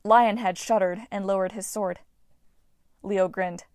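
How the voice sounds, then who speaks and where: A woman reading a fantasy novel aloud as an audiobook narrator, voicing characters in a lively way. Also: a little slow, no echo. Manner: lively, voices characters with shouts. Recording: dry, low-quality home recording.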